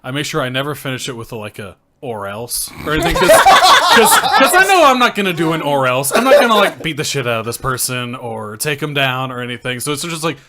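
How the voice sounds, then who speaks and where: A man co-hosting a casual chat, joking about himself and laughing in high bursts. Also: wildly swooping pitch, fast talker, hardly any pauses. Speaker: podcast co-host. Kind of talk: casual post-show chat. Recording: noisy audio.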